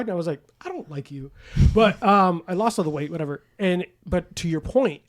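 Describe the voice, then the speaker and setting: A man's voice: sits high, lively intonation, fairly quick. A man in his forties hosting a podcast, telling stories in casual chat with lots of laughter and swearing, acting out the voices of people he quotes. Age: 40s. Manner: profane, laughing storyteller who acts out quoted voices. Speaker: podcast host.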